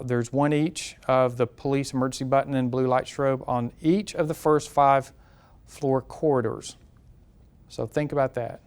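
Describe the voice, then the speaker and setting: A man's voice: medium pitch, darkish tone. A man with a Southern US accent, a campus police safety trainer speaking directly and conversationally to a classroom at a live seminar, repeating key points and asking the audience questions. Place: classroom lecture room.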